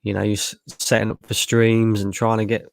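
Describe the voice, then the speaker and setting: A man's voice: on the low side, little pitch movement, normal speed, vocal fry, no room sound, clean studio sound. A man streaming a live match watchalong, tired after a long work shift and bluntly frustrated, swearing freely. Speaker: fan channel streamer.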